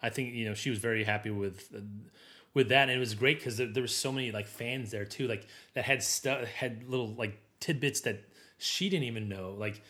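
A man's voice: medium pitch, fairly quick, sharp tone. Rambling man in casual chat. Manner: rambling, many restarts and fillers.

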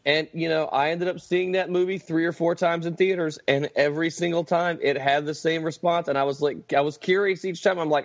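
A man's voice: fairly high pitch, steady tone, brisk, hardly any pauses. A man co-hosting a casual chat podcast, talking earnestly and reflectively. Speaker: podcast co-host. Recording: muffled lo-fi mic.

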